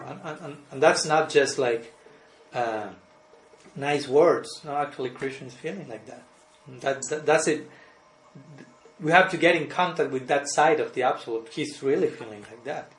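Male spiritual teacher, fairly high voice, halting, repeats himself, roomy echo on the line. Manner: halting, restarts phrases, ends points with a questioning "no?"; chuckles between points. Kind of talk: devotional lecture answering questions on a call. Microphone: group call.

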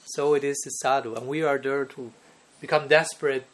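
Speaking fairly quickly at medium pitch with fairly even intonation, a spiritual teacher delivers a devotional lecture. He often chuckles between points and keeps asking "no?" and "okay?"

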